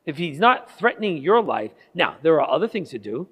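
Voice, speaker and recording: A man, a priest, telling stories to his catechism class in a lively, laughing way, acting out what people said. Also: a little high, fairly quick, highs cut off, a little hiss or hum. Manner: animated, laughing, acting out dialogue. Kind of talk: casual classroom storytelling. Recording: long hall reverb.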